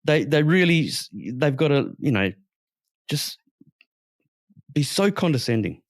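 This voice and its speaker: A man's voice: on the high side, very animated, unhurried, no echo, studio quality. A man from Western Australia, co-hosting a casual podcast and ranting heatedly, with swearing. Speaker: podcast co-host.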